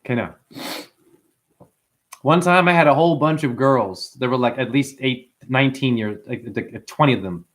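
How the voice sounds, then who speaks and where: A man ranting to his chat on a livestream, swearing a lot and rambling, swinging from loud outbursts to low muttering. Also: moderate pace. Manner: profane, rambling, excitable, swings between shouting and muttering. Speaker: live streamer. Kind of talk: unscripted livestream rant to chat.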